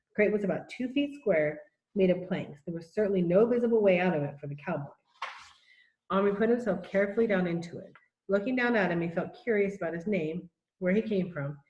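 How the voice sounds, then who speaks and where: A woman reading a children's novel aloud in a steady, even manner, in an echoey room. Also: on the low side, muffled recording. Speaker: audiobook reader. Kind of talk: storybook narration.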